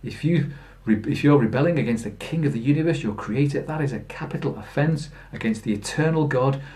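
A man's voice: mid-range voice, brisk, dark tone. A man preaching a Good Friday sermon in plain storytelling, earnest, with fillers and restarts. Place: church.

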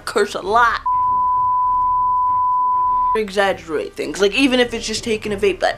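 A woman's voice: mid-range voice, normal speed, pauses often, over loud music. A woman vlogging a playful, sarcastic comedy how-to video. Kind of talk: comedic tutorial vlog.

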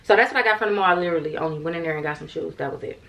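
A woman's voice: low-pitched, rapid-fire, vocal fry, fairly bright tone. A young woman vlogging in a casual, rambling way, tired and chatting to her viewers as "y'all". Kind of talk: casual vlog chat to camera.

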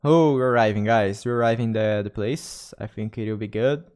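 A man's voice: lowish voice, moderate pace, darkish tone. A man with a Brazilian Portuguese accent, streaming a game and chatting to viewers in English, often repeating and restarting his words. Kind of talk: casual gaming livestream chat.

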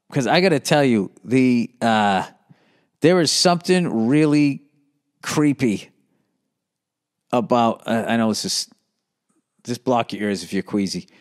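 Male comic host, solo monologue, swears freely, rambles, restarts often. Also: medium pitch. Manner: profane, rambling, lots of fillers and restarts. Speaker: comedian podcast host.

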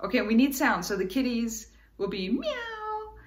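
A woman's voice: on the high side, sing-song, unhurried. A woman giving a children's Bible lesson at home in her living room, cheerful and encouraging as she talks straight to the kids. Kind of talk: teaching young children, with singing.

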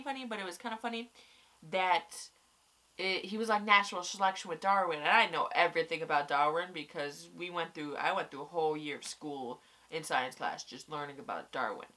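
Having been crying, a young woman sounds tired and congested as she casually reviews a TV episode. Her fairly low-pitched voice rambles excitably, with plenty of swearing.

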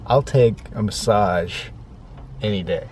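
A man's voice: on the low side, slow pace, slight background noise. A man talking casually to a handheld camera in a vlog, upbeat and chatty. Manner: chatty and upbeat, drops to a hushed whisper at night. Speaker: vlogger.

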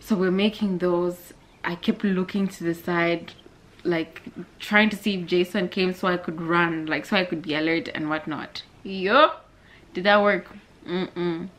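A young woman from Zambia telling a childhood story to viewers in a casual, animated way. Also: on the low side, unhurried. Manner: animated, chatty, addresses viewers directly. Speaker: vlogger.

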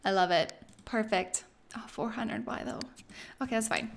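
A bubbly woman chats her way through a let's play in casual commentary, excitable and full of "like". Her voice sits a little high. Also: moderate pace, creaky, a little hiss or hum. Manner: bubbly, chatty, excitable, lots of "like".

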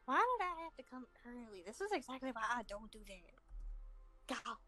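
A young woman co-hosting a game let's play, excitable and swearing, throat strained. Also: fairly high pitch, normal speed, soft background music. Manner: excitable, swears, tries joke accents. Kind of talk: casual gaming chat.

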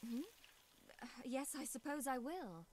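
A woman voicing a gentle, doting mother who talks in a soft, fond way. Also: high voice, animated, a little slow, noisy background. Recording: faint game audio from far off.

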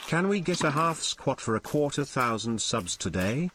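A man's voice: medium pitch, big pitch swings, normal speed, a bit bright, soft background music. A man reading out viewer messages during a livestream in a plain read-out delivery. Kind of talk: reading chat messages aloud.

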